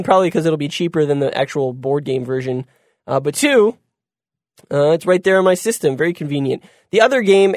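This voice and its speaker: A man's voice: a little high, no room sound, studio quality. A man hosting a casual gaming show, rambling with lots of ums and restarts and chuckling when he stumbles over words. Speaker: gaming podcast host. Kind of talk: casual chat.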